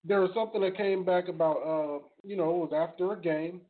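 A man's voice: high-pitched, fairly even intonation, a little fast. A man hosting a casual sports podcast, laid-back and slangy, introducing clips. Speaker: podcast host. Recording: phone-like podcast audio.

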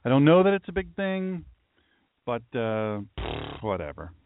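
A man, a pastor, giving a mocking, animated commentary monologue and talking to an imagined audience. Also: mid-range voice, measured pace, creaky, no echo. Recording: tinny phone-like dry sound.

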